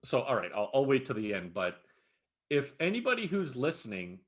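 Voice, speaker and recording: A man's voice: medium pitch, a little fast. A man co-hosting a podcast in casual chat, swearing freely and recapping a series with lots of energy. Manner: profane, animated recapping with frequent laughs. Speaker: podcast co-host.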